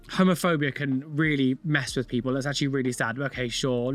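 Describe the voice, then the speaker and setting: A man hosting a reaction video, exclaiming and making camp, quick asides as he comments on clips. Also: medium pitch, steady tone, faint music behind.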